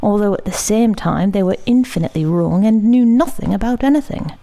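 A woman reading a literary short story aloud at a measured pace. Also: mid-range voice, expressive, dark tone, poor audio. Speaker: story reader.

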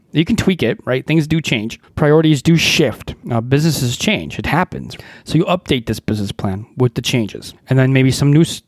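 Male podcast host, mid-pitched, emphatic and repetitive coaching delivery, dry close mic. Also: a little mellow, dry recording. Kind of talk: solo podcast monologue on network consulting.

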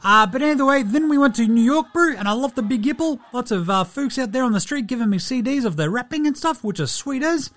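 A man's voice: extremely high pitch, animated, brisk, hardly any pauses, a bit bright, pitched above the performer's own voice. A man putting on a chummy New Zealand baller. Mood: easygoing. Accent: New Zealand (put on). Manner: chummy, rambling, says "bro" and "eh" constantly. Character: laid-back friendly New Zealand basketball big man. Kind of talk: comedy bit, mock diary entry.

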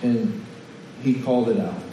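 A man's voice: medium pitch, unhurried, dark tone, distant mic, slight background noise. Man preaching in an echoey hall. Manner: conversational preaching with questions to the congregation. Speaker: pastor. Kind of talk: sermon.

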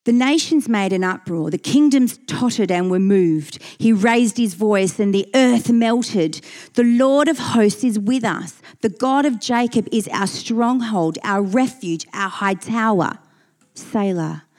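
A woman preaching with earnest emphasis, reading scripture aloud and repeating key phrases. She takes her time, letting each line land at an unhurried pace, her voice sitting in a mid range. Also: medium pitch, darkish tone. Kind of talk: sermon.

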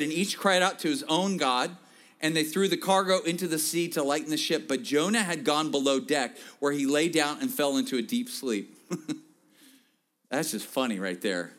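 A middle-aged male pastor preaching a sermon, telling a story in a hushed voice and then rising to shouts. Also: a little high.

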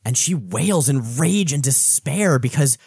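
A man's voice: mid-range voice, expressive, unhurried, gravelly, darkish tone, husky, no echo, studio quality. A man hosting a podcast, giving a casual, enthusiastic recap of a comic book story. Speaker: podcast host.

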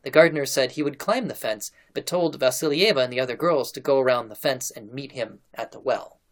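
Man, podcast host, casual storyteller, relaxed and chatty, mid-range pitch. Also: a little fast. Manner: relaxed, chatty, laughs between lines. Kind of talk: casual storytelling, retelling a historical account.

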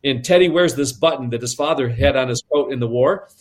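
A man telling a story on an interview show, lively, often repeating words as he goes. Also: mid-range voice, brisk. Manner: lively, repeats words, switches into character voices. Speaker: guest storyteller. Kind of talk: animated spoken storytelling.

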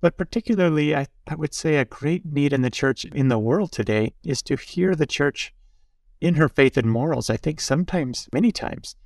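A priest with a gravelly, textured voice speaks in a dry, close recording. He teaches reflectively and tells stories in a conversational way, tossing in little asides to his listener. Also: on the high side, normal speed, darkish tone, dry recording. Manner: storytelling, with asides like "huh?". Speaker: Jesuit priest, guest.

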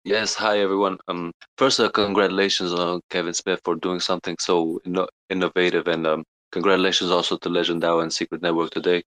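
Male audience member, very deep voice, halting delivery, dry mic. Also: flat delivery, a bit bright, no room sound, low-quality recording. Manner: hesitant, full of fillers and repeats. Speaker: audience member asking a question.

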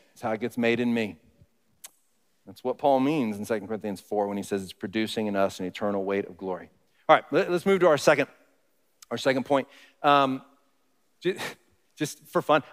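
A man's voice: fairly high pitch, a bit bright. A man preaching a sermon to his congregation in a conversational way, often asking the listeners questions. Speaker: pastor. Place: church sanctuary. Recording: long reverb of a church hall.

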